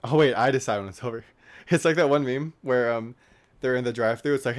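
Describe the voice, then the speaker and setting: A man's voice: medium pitch, fairly quick. A young man in his late teens vlogging casually, rambling and joking at his own expense. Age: young adult. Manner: rambling, self-deprecating, joking. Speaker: YouTuber.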